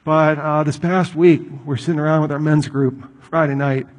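Man, middle-aged, pastor, sermon, conversational, rhetorical questions, fairly high voice. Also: fairly even intonation, moderate pace.

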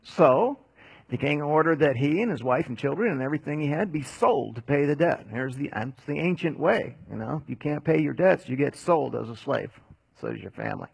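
Male preacher, casual storytelling sermon, gravelly voice, slightly high. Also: big pitch swings, brisk, dry recording. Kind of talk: conversational sermon.

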